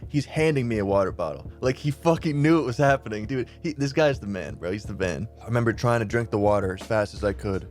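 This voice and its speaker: A man at an ordinary mid pitch telling a story to his camera in a loose, rambling way. He swears freely and fills every pause with "like." Faint music plays softly behind him. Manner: rambling, filler-heavy, profane. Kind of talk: casual storytelling.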